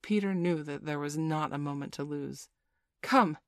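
A woman narrates a children's story aloud in a low, steady voice. Her telling is measured and gently playful, with little room sound around it. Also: no room sound, clean studio sound.

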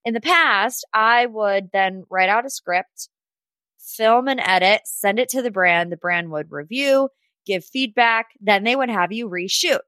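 A sassy, gossipy woman recaps reality TV in a chatty, casual way, often talking straight to the people she discusses. Her voice sits at an ordinary middle pitch. The recording is dry, with no room sound. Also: a little slow, bright, forceful tone, dry recording. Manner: chatty, with frequent "like" and laughs. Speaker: podcast host.

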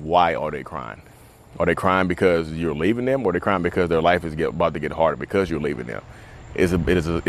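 A man talking casually to camera outdoors at a beach, rambling and conversational with lots of fillers. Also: low-pitched. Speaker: vlogger.

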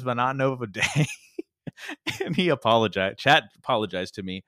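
A male podcast co-host talks casually, laughing often and dropping the odd curse. His voice is very lively, swooping up and down as he tells a story. The sound is close and dry. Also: medium pitch, quick pace, no echo.

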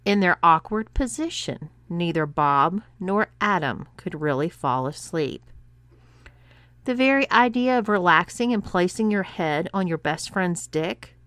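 A woman reading an erotic story aloud as narrator, voicing every character with lively pitch shifts. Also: smooth, dry recording.

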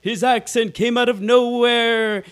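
A man putting on a campy, shaky British accent to voice a young male drag hypnotist with a theatrical, drawn-out delivery. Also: very high-pitched, fairly even intonation, a bit bright, clear, resonant tone, voice pushed up. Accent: put-on British. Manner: theatrical, sing-song, drawn out.

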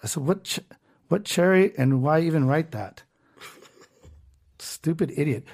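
A man's voice: on the high side, animated, measured pace, a little mellow. A man hosting a podcast, ranting casually and with lots of swearing while reading comments aloud. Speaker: podcast host.

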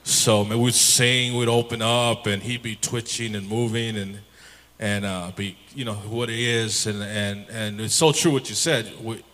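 A man giving a halting, earnest testimony at a Bible study, with many fillers. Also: fairly low pitch, steady tone, a bit bright. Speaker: congregation member sharing a testimony. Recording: church hall reverb.

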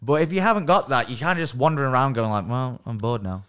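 Man, podcast co-host, smooth resonant voice, swears and laughs a lot. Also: medium pitch, quick pace, fairly bright tone. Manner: swears freely, laughs while telling stories. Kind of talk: casual chat.

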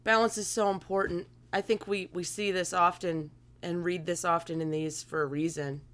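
A woman's voice: lowish voice, steady tone, normal speed, fairly bright tone. A woman co-hosting a podcast, chatting casually and reading listener letters aloud with enthusiasm and frequent laughter. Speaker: podcast co-host.

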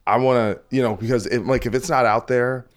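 A man's voice: mid-range voice, fairly even intonation, a little fast. A man hosting a podcast interview, rambling casually with many restarts and playful exaggeration. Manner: rambling, full of restarts and hyperbole. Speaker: podcast host.

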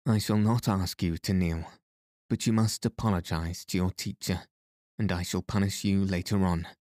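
A man reading a stern, proud aunt's lines in a cold, commanding tone, close to his own deep voice. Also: steady tone, moderate pace, darkish tone, no room sound, natural voice. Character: stern proud middle-aged aunt, a woman.

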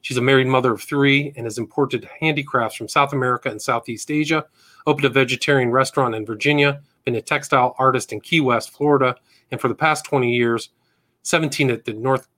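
A man's voice: medium pitch, brisk, fairly bright tone. A man hosting an interview podcast, introducing his guest in a plain, informal way with small stumbles. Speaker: podcast host.

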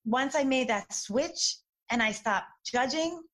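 A woman talking candidly in a casual conversation, animated, with many restarts and fillers. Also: sits high, slow.

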